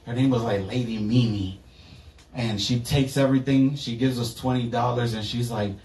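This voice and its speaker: A man's voice: mid-range voice, moderate pace. Young man preaching a testimony in a roomy church. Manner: casual storytelling, slangy, animated when quoting himself. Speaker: evangelist. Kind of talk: testimony sermon. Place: church sanctuary. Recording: roomy church sound from a distance.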